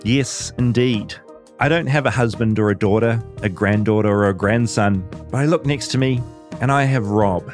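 A man's voice: fairly low pitch, moderate pace, darkish tone, faint music behind. A man with a New Zealand accent, a podcast host narrating and chatting in a self-deprecating way.

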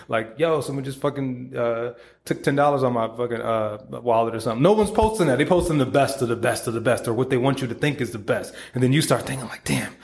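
Guy in his 30s doing a fired-up motivational podcast rant, swears a ton, preachy, does little voices for people. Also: medium pitch. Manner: profane, animated, preachy, acts out quoted voices. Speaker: podcast host and supplement company founder.

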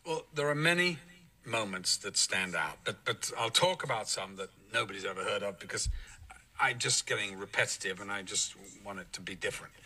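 Older man, anecdote, animated, mimics voices, very bright tone. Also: on the low side, far from the mic. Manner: animated, mimics others in quotes. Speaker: actor telling an anecdote. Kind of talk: storytelling interview clip.

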